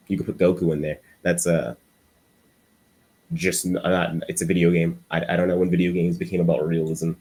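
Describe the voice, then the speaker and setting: Man, low pitch, husky, rambling commentary, stuttering restarts. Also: steady tone, normal speed, a little mellow. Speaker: video essayist. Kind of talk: unscripted commentary monologue.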